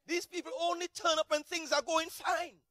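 A man preaching a sermon as a pastor, animated, swinging between shouted peaks and low, quiet asides. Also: normal speed, dry recording.

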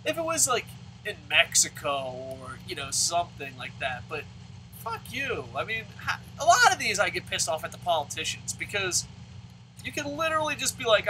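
A man ranting profanely as he plays a baseball video game, with loud outbursts. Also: high voice, sing-song, normal speed, a little hiss or hum, poor audio. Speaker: let's play host. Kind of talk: profane gaming commentary rant.

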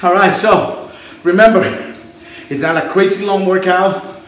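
Unhurried and high-voiced, a man coaches a live home workout, breathless yet energetic as he encourages everyone and calls out rep counts. The distant mic picks up a very echoey room and slight background noise.

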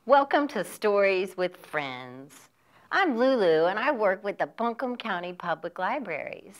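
A woman's voice: medium pitch, very animated, measured pace. A woman librarian reading a children's picture book aloud in a sing-song storytelling voice. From from the United States. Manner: sing-song storytelling with animal sound effects.

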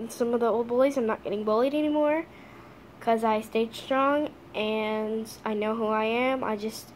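A teenage girl vlogging casually from her home kitchen, talking earnestly with halting restarts. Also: a little high, a little hiss or hum.

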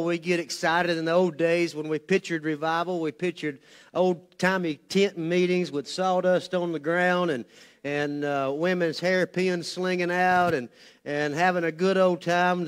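A man, a pastor preaching a folksy, joking sermon in a church sanctuary. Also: on the high side. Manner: folksy, joking, loses his notes.

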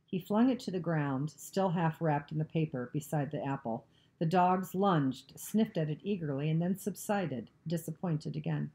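A woman reading a novel aloud, narrating in a steady, even way. Her voice sits very low for a woman, with a warm, mellow tone. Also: normal speed.

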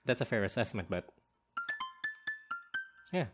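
A man reads a dating game aloud for his channel and jokes and swears casually between lines. Loud game music plays under his voice the whole time. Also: medium pitch, big pitch swings, a little slow. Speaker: gaming YouTuber. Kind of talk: let's-play commentary and reading game text aloud.

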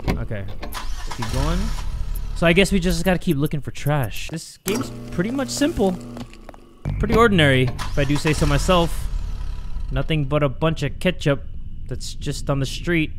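A young man commentating a horror game, joking crudely and shouting in panic when chased. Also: a little high, normal speed, over music. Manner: loud, excitable, crude jokes, shouting in panic. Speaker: gaming YouTuber.

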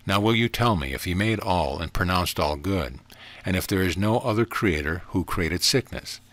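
A deep-voiced man giving voice to a young woman, gentle, steady, certain, slow explaining, dry close sound, audiobook reading. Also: dry recording. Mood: calm earnest.

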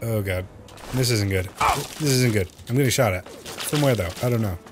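A man hosting a let's play, giving gameplay commentary full of jokes, swearing and quick reactions. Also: lowish voice, heavy background noise.

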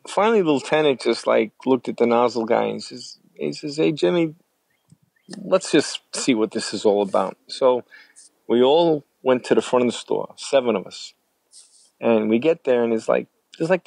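An older man, a retired firefighter, telling stories in a rambling, halting way with many fillers. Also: medium pitch, vocal fry, a little mellow, dry recording. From New York City. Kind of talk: conversational storytelling.

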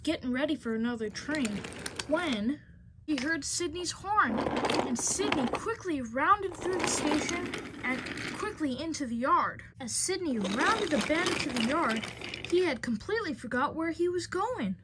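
A woman's voice: sits high, animated, measured pace, heavy background noise. A young woman narrating a homemade toy-train story in plain, repetitive phrasing.

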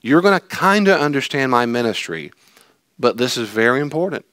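A male pastor giving a lively sermon, telling stories and acting out voices with jokes. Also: medium pitch, brisk, no room sound, clean studio sound. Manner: animated, jokey storytelling with acted-out voices.

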